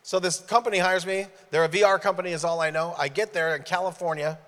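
A man preaching as a guest speaker in church, telling animated stories and acting out the dialogue. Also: high-pitched, fast talker. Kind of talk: sermon storytelling. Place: church sanctuary. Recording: long hall reverb.

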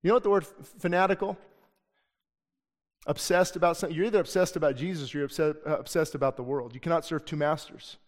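A middle-aged pastor delivers an impassioned sermon, talking fast in a voice a little high for a man. He acts out the people he quotes as he goes, and a long reverb, like that of a big church sanctuary, trails his words.

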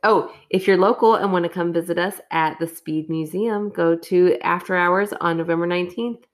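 A woman's voice: lowish voice, normal speed. A woman co-hosting a podcast in casual chat, teasing and giggling. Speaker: podcast co-host.

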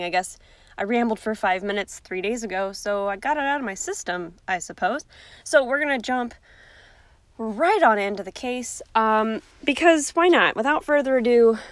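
A woman's voice: mid-range voice, smooth, dry recording. A woman hosting an unedited podcast, rambling in a bubbly, chatty way with goofy asides. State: hiccups. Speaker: podcast host.

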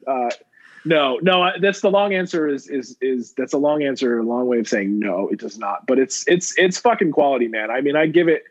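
Laid-back swearing man, muffled audio. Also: medium pitch. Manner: swears often, repeats himself, laughs. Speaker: podcast co-host. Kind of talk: casual chat.

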